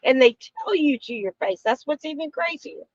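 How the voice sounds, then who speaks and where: A woman's voice: high voice, lively intonation, normal speed, no echo, highs cut off. A woman co-hosting a casual political chat, talking emphatically and repeating herself for stress. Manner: emphatic, insistent, repeats phrases. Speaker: co-host.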